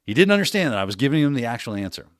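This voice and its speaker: Lively, animated male livestream host. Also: medium pitch, very fast, no room sound, clean studio sound. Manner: animated, laughing storyteller who acts out quotes. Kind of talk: casual storytelling on a livestream.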